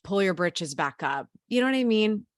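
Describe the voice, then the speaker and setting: A woman hosting a podcast who thinks aloud in an expressive, playful way. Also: medium pitch, moderate pace, no room sound, clean studio sound. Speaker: podcast host. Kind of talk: casual podcast conversation.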